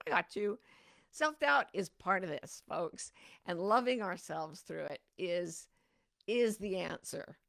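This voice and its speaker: A woman's voice: lowish voice, expressive, slow, vocal fry, a bit bright, no room sound, studio quality. A woman hosting a talk show, answering listener questions in an earnest, conversational way. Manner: earnest and conversational, acts out little dialogues. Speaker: host.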